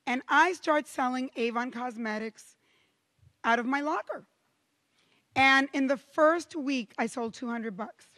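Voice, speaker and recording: A high-voiced middle-aged woman from Cuba delivers a keynote speech, telling stories with lively pacing and emphatic pauses. Her voice rings through a large hall with a long, lingering reverb. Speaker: keynote speaker.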